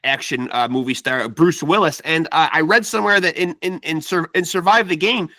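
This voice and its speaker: A man hosting a podcast interview, asking questions with a halting, hesitant delivery. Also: on the high side, bright, forceful tone, dry recording. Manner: halting, full of uh fillers. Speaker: podcast host. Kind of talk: casual interview.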